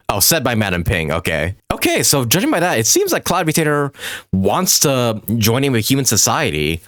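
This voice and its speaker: A man streaming, reacting casually to game news in an excitable, rambling way, laughing often and swearing freely. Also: mid-range voice, moderate pace, dry recording, clean studio sound. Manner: rambling, with frequent fillers and restarts.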